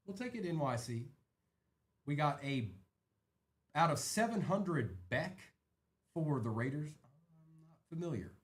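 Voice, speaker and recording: A man's voice: fairly high pitch, big pitch swings, unhurried, pauses often. A man hosting a live card break, chatting casually and rattling off names as he opens packs.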